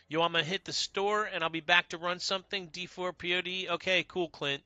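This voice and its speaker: A man's voice: high voice, fairly even intonation, a little fast, hardly any pauses, sharp tone, a little hiss or hum. A man streaming a video game, chatting casually and greeting viewers by name. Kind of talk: casual livestream chat while playing.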